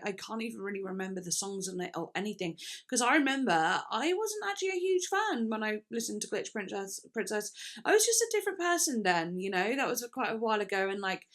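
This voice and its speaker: A young woman chatting casually in a music reaction video, thinking aloud with lots of fillers and restarts. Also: mid-range voice.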